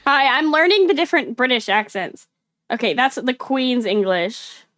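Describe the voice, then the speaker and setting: A woman's voice: sits high, normal speed, no echo. A woman chatting casually on a live stream, rambling with lots of fillers over faint background music. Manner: rambling, filler-heavy, animated.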